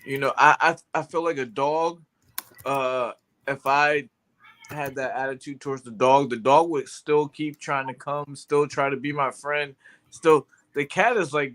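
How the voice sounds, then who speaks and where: A man with a middle-pitched voice co-hosts a relaxed chat. He talks loose and easy, with street slang and casual swearing. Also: measured pace. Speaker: co-host.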